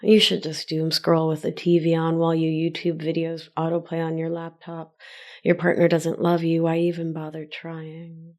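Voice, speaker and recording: A woman voicing the voice of depression as a checked-out figure, monotone and barely above a whisper. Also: low voice, moderate pace, natural voice. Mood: listless.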